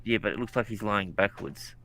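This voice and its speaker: A man co-hosting a podcast, chatting casually with wry deadpan quips. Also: on the low side, brisk. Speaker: podcast co-host. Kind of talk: casual chat.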